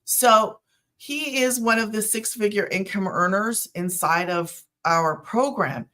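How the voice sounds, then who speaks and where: An older woman hosting a casual online presentation, relaxed and unhurried with fillers. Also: medium pitch. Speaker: online business host.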